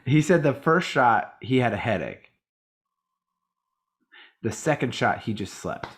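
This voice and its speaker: A man's voice: mid-range voice, big pitch swings, measured pace. A tired man co-hosting a podcast, rambling in casual chat, swearing freely and acting out other people's lines. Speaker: podcast co-host.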